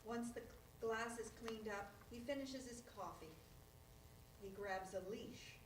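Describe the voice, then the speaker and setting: A woman's voice: fairly high pitch, a little hiss or hum. Woman reading stage directions, echoey and distant. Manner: plain, measured reading. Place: live reading in a hall. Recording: echoey room, voice far from the mic.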